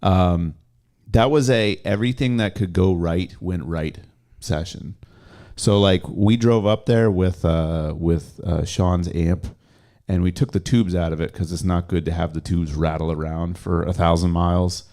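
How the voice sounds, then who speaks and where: A man's voice: low voice, steady tone, measured pace, dark tone. A young man co-hosting a casual podcast chat, laid-back and rambling, swearing casually as he tells stories. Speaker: podcast co-host.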